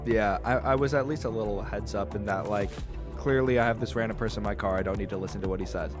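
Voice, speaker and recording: A man's voice: fairly low pitch, fast, over music. A young man hosting a podcast, telling a story in a loose, rambling way full of filler words. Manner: rambling, filler-heavy retelling. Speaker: podcast host. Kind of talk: casual storytelling.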